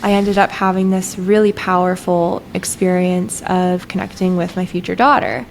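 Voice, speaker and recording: Animated woman telling a story. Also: lowish voice, moderate pace, creaky, slight background noise, poor audio. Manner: animated, frequent "like" fillers. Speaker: guest, breathwork facilitator. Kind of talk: conversational storytelling.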